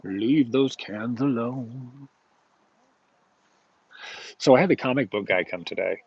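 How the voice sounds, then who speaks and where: A man's voice: medium pitch, takes it slowly, husky, dry recording, highs cut off. A man streaming from his flea market stall, chatting casually in a rambling way, with many fillers and self-corrections. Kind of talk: casual live-stream chat.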